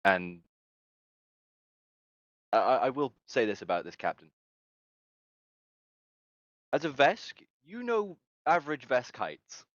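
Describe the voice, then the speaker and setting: A man's voice: mid-range voice, huge pitch swings, slow pace, pauses often, dry recording, highs cut off. A man narrating a tabletop game as game master, rambling and hesitant, with many fillers and laughs.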